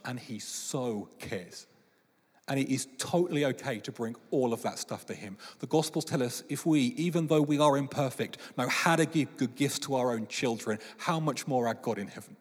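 A man, preaching a sermon with lively storytelling and playful voices. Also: medium pitch, brisk, hardly any pauses. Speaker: pastor. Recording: long reverb of a large hall.

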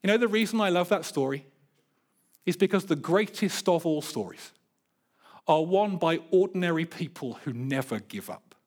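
A man's voice: on the high side, expressive, normal speed. A middle-aged man preaching a sermon, earnest and building emphasis, with playful storytelling. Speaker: pastor.

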